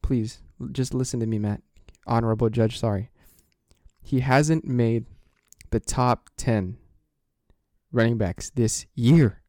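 A man on a sports podcast launches into a rambling, excitable rant while playing along with a jokey courtroom bit. His voice sits in a middle register. The sound is dry and close, with no room echo at all. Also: medium pitch, slow. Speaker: podcast co-host. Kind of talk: mock courtroom banter.

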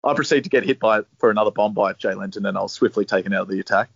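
A young Australian man telling a rambling sports story in a relaxed, swear-laden way. His voice sits fairly low. The recording is dry and a little dull, with no room sound at all. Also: racing, vocal fry, husky, no room sound. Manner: laid-back, swears freely, laughs while telling stories. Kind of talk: casual storytelling.

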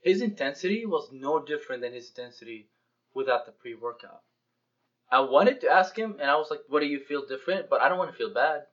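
Young male podcast co-host, slightly high voice, animated storyteller who acts out dialogue, swears freely, dull lo-fi audio. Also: a little fast. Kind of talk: casual podcast chat.

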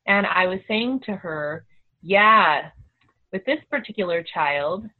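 A middle-aged homeschooling mother telling a story in a casual, animated way, acting out the voices of the people she quotes. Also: lowish voice, slow pace. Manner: animated, acts out quoted dialogue. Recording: tinny phone-like audio.

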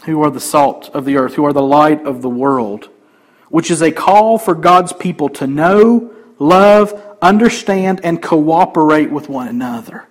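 A man pastor preaching a sermon emphatically, swinging between loud declarations and quiet asides. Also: on the high side, unhurried, low-quality recording.

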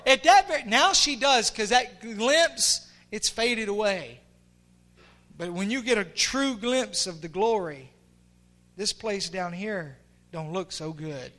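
High, bright-voiced impassioned pastor. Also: male voice, lively intonation, takes it slowly. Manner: impassioned, swinging from hushed to shouting. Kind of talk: sermon.

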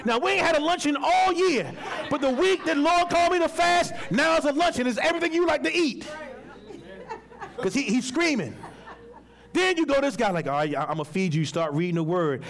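A man in the pulpit, high-pitched and expressive, preaching in a loose, colloquial way. He slips into acted-out voices to make his points and keeps the congregation involved. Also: brisk, some chatter behind. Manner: teaches with props and volunteers, calls on readers. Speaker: pastor. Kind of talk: sermon.

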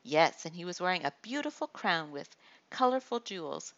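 A woman voicing an excited, chattering five-year-old girl. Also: fairly low pitch, normal speed, highs cut off. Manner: chattering, bubbly.

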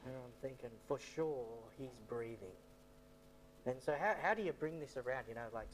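A man, a missionary, telling a story in a rambling way that repeats itself, with a steady mid pitch. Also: moderate pace, a little hiss or hum. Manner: rambling, repeats himself, many fillers. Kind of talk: storytelling testimony talk.

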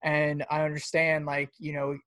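A man's voice: fairly high pitch, monotone, normal speed, fairly bright tone, dry recording, studio quality. Casual, profane male podcast co-host. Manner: loose, profane storytelling with many "like" fillers.

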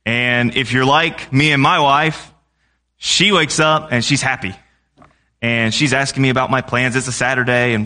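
Bright-voiced young male preacher. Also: mid-range voice, fairly even intonation, moderate pace. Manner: conversational, asks the congregation questions. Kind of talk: sermon.

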